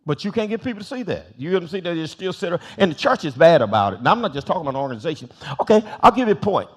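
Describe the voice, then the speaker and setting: An older man preaches at a mid-week Bible study in a church. His voice sits a little high for a man. He tells stories and acts out what other people said, and he often repeats a phrase for emphasis. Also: sing-song, very fast, breathy edge. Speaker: bishop and senior pastor. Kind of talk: sermon-style Bible teaching with stories. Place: church sanctuary.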